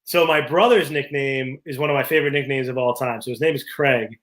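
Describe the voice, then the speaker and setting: A man with a mid-range, slightly bright voice talks fairly quickly as co-host of a casual talk show. He's easygoing and chats casually, sharing personal stories and anecdotes.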